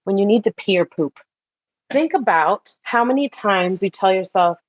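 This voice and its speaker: A woman coaching on wellness in a relaxed podcast chat, animated and salty, slipping into little voices to act things out. Her voice sits at a middling pitch. The recording is dry and slightly muffled, like a lo-fi mic. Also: normal speed, no room sound. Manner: animated, swears freely, acts out inner voices. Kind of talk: casual podcast conversation.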